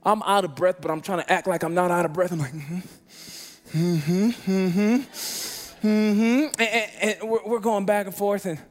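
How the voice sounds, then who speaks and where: A man preaching as a guest pastor, telling a funny story in a lively way and acting out the people in it. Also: fast talker, hardly any pauses. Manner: animated, acts out quoted voices with big pitch jumps. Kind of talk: storytelling sermon.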